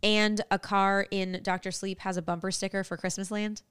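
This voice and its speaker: A woman's voice: mid-range voice, level tone, normal speed, a bit bright, smooth, dry recording, clean studio sound. A woman hosting a podcast, chatting casually and enthusiastically with her husband as guest. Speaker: podcast host. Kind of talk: casual chat.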